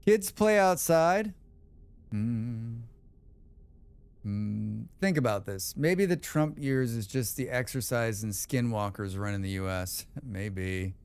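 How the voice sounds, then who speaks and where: A man's voice: medium pitch, expressive, slow, a little mellow, smooth. A man streaming a game, chatting casually and answering chat with rambling, opinionated remarks. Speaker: livestream gamer. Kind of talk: casual livestream chat reading chat.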